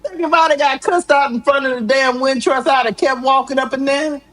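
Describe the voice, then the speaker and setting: A middle-aged woman hosting a live sports talk stream, animated and exclamatory, laughing often. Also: high-pitched, a little fast, low-quality recording. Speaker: sports talk show host.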